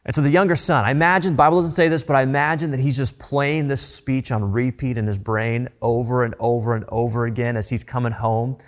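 A man preaching a sermon in a conversational tone, telling the story in a lively way. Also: mid-range voice, a little fast, few pauses. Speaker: pastor.

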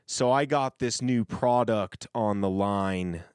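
A slow, stretched-out country drawl from a hick bragging about his hair product, as a man puts it on. The voice sits lower than average and lingers lazily on each word. It sounds close and dry, with no room around it. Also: darkish tone, clear, resonant tone, no echo.

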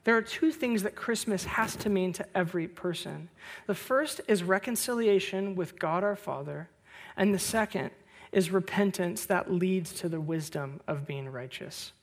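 A man, a pastor, delivering a Christmas sermon, telling a story with bursts of loud, high energy and then dropping soft and low on reflective points. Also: moderate pace. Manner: animated storytelling, rising loud on anecdotes.

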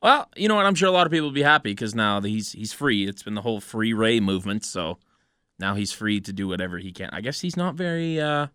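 A man with a lowish voice hosts a casual podcast, talking in a relaxed and easygoing way. He recaps from notes and adds joking asides. The sound is dry and close. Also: fast, smooth, no room sound. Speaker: podcast host. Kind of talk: casual wrestling podcast chat.

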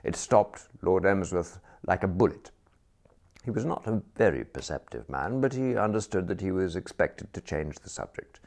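A man's voice: sits low, expressive, moderate pace, creaky, a little mellow. A man reading a comic novel aloud as narrator, telling it dryly and expressively. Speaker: audiobook narrator.

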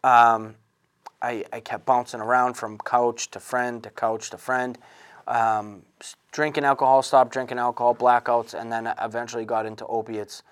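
Man in his thirties, candid personal testimony, earnest, halting, restarts often, mid-pitched voice. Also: little pitch movement, clear, resonant tone. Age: 30s. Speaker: person in recovery telling his story.

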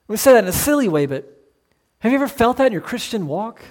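A man's voice: sits high, lively intonation, quick pace, a little mellow. A male pastor preaching a sermon, earnest and pleading, with many rhetorical questions.

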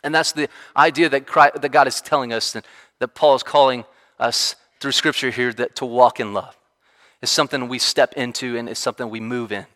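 Man, pastor, lively conversational sermon, bright forceful tone, long hall reverb. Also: mid-range voice, brisk. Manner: animated, conversational preaching with frequent restarts.

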